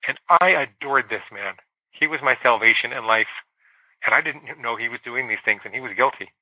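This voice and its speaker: A middle-aged man, a psychologist guest on a podcast, telling a candid personal story and slowing down on words he wants to stress. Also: mid-range voice, dry recording, muffled recording. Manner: candid, confessional storytelling with slow emphatic stretches.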